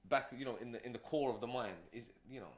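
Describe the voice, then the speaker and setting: Speaking fast in a mid-range voice, this male guest entrepreneur meanders through his stories, leaning heavily on fillers. It's casual interview talk, and the room adds reverb.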